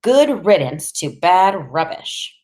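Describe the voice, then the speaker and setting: A woman's voice: on the low side, big pitch swings, takes it slowly, darkish tone. A woman reading as a cocky, clever small boy. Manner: boastful, theatrical. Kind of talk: audiobook reading.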